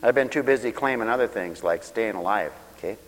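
A man's voice: fairly low pitch, expressive, brisk, long reverb tail, poor audio. A man preaching a sermon in a folksy, sarcastic way, mocking others by imitating their voices.

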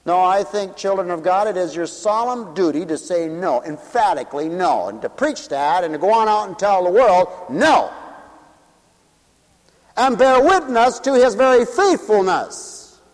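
Male preacher, sermon in a big reverberant hall, hammering questions, loud then hushed. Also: high-pitched, animated, unhurried. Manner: emphatic, rhetorical questions, sweeping swings in volume.

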